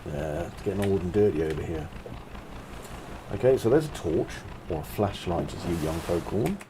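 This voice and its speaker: Chatty low-voiced man. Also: expressive, moderate pace, noisy background. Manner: chatty and self-mocking, with frequent asides. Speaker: game developer. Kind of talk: casual gameplay commentary.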